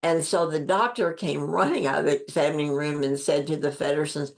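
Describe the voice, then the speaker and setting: An older woman with a deep, low-set voice recounts her own story for an interviewer. She speaks earnestly and with emphasis, repeating key phrases and lifting her voice to play out what others said. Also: fairly quick, creaky, hardly any pauses. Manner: earnest, acts out quoted dialogue with lifted voice. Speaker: guest.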